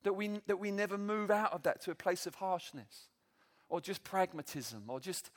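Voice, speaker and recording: Delivering a sermon at a measured pace to a church gathering, a man with a high-pitched voice comes across as animated and self-deprecating, frequently laughing as he goes.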